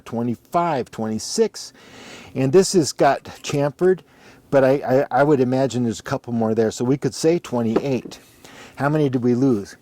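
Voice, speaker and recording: Mellow-voiced man rambling over a handle. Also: medium pitch, no echo. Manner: rambling, talks to himself while counting and examining. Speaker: ax handle reviewer. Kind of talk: casual workshop show-and-tell.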